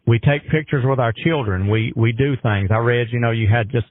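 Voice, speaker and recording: A man's voice: mid-range voice, brisk, dry recording. A man speaking earnestly and emphatically in a heartfelt radio conversation, with a folksy way of talking. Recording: dry tinny phone-line radio.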